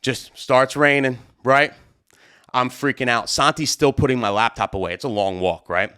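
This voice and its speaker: A man, a wedding DJ, telling a story to camera in a rambling, excitable way, full of fillers and "right?" tags. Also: medium pitch, normal speed, clear, resonant tone.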